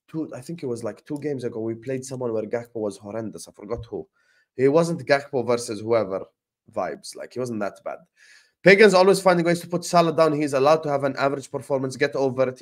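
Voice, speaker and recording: Young guy doing a football stream, slangy, hyped shout-outs, average pitch. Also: a little fast. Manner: animated, slangy, shouts out viewers. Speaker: host. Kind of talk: casual live-stream football chat.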